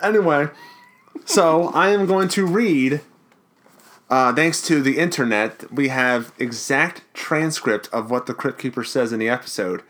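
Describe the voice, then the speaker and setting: A man from the Baltimore area co-hosting a podcast in casual, jokey, excitable chat. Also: mid-range voice, unhurried. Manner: jokey, excitable, self-mocking. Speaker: podcast co-host.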